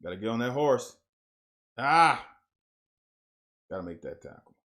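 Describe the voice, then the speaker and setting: A man's voice: on the low side, quick pace. Blunt man breaking down football film. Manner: coach-like, blunt, animated on big plays. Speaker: host breaking down game film. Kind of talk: casual football film commentary.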